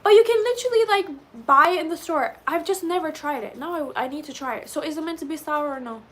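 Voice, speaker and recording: A young woman with a bright, high voice chats away to her livestream audience. She answers viewers' questions loosely and animatedly, dropping "like" into nearly every thought. A faint hum sits behind her. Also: fast talker. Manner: chatty and animated, says "like" often. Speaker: livestreamer reading chat. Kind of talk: casual chat with live viewers.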